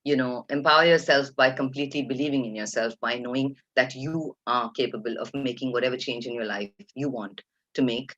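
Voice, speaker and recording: A woman's voice: extremely low pitch, brisk. Indian English woman in her fifties, vivid storyteller, dull lo-fi webinar sound. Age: 50s. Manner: lively storyteller, acts out quotes, laughs often. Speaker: guest speaker. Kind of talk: animated anecdote telling.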